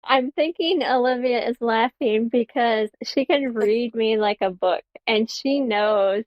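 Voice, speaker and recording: A woman's voice: fairly high pitch, unhurried, no echo, lo-fi sound. A woman co-host chatting casually and poking fun at herself. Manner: self-mocking, laughing. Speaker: podcast co-host. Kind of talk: casual chat.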